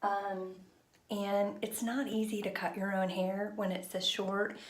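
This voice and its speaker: A middle-aged woman vlogging at home on a handheld phone, talking in a hushed, partly whispered ramble full of fillers. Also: mid-range voice, level tone, a little slow, roomy sound. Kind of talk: casual chat to camera. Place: home, indoors. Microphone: handheld phone camera.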